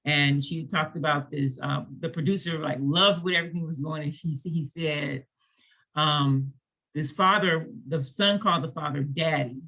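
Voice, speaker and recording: A woman's voice: low-pitched, steady tone, moderate pace, a bit bright. A woman educator speaking on a panel in a conversational way, with frequent fillers and laughs between her thoughts. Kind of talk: panel discussion.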